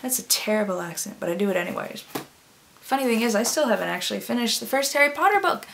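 Chatty young woman with a gravelly edge. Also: a little high, animated, quick pace, a little hiss or hum. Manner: chatty and self-deprecating, drops into quiet whispered asides. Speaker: vlogger. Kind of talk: casual vlog confessions.

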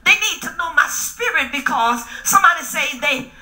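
A middle-aged woman pastor preaching in a call-and-response style, often shouting to the congregation. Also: high-pitched, expressive, moderate pace. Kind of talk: sermon. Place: church hall. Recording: echoey room with music.

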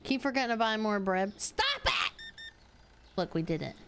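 A woman streaming a game live, chatting excitably with her viewers, yelping and swearing at the game as she plays. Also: medium pitch, fast, heavy background noise. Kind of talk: live gaming stream chat.

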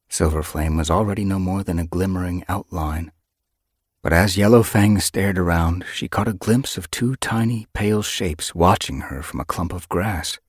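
A man narrating an audiobook in an expressive storytelling manner, recorded in a studio. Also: deep voice, normal speed, breathy edge, dry recording. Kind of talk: scripted narration.

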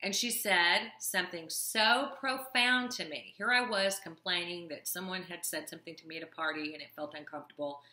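A woman coaching viewers from her own story, earnest and confiding, with the odd wry aside. Her voice is lowish but bright and forward. The sound bounces around an echoey room. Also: a little fast, hardly any pauses. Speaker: self-love coach. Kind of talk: personal talk to camera.

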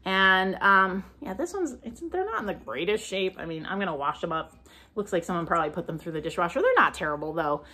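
A woman's voice: medium pitch, bright, forceful tone. A woman, a thrift vlogger, chatting casually through a haul video and gushing over each item she unwraps.

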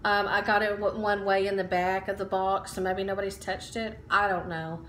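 A woman's voice: medium pitch, level tone, normal speed, fairly bright tone, echoey room, slight background noise. A woman chatting casually in a home haul vlog, upbeat, with lots of ums and likes. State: out of breath while standing. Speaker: vlogger. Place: room at home.

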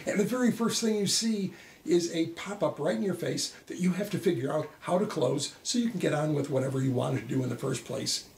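A man's voice: on the high side, gravelly, echoey room, slight background noise. A man giving a conversational business talk, telling wry anecdotes with frequent "uh" fillers. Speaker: business speaker and author. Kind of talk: explainer talk to camera.

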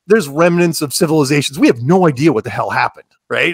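A man talking casually as a podcast guest, rambling with jokes and animated asides. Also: fairly high pitch, fast, vocal fry, husky, no echo, studio quality. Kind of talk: casual interview talk.

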